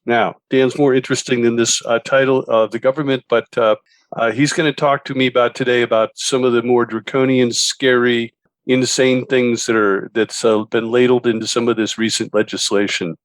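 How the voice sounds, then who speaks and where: A male host leading an interview, casual and halting. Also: medium pitch, no echo. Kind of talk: conversational interview.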